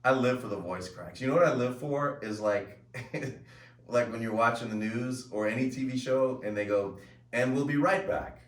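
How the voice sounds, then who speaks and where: A middle-aged man hosting a casual home show, telling stories in a lively, chatty way with plenty of fillers. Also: mid-range voice, normal speed. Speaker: host. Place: home room with family. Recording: echoey room, mic at a distance.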